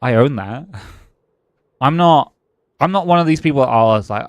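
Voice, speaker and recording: A British man chatting casually over a game stream, his voice sitting at an ordinary middle pitch. He rambles through his thoughts, restarting sentences and chuckling between them. The sound is dry and close, with no room around it. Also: lively intonation, unhurried, no echo. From Britain. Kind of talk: casual gaming-stream chat.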